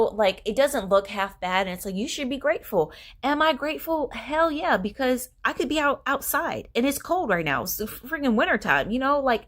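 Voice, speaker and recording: A young adult woman vlogger telling a personal story in a candid, casual way, swearing often and filling pauses with "like" and "um". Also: fairly high pitch, a bit bright. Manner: candid, swears freely, many fillers.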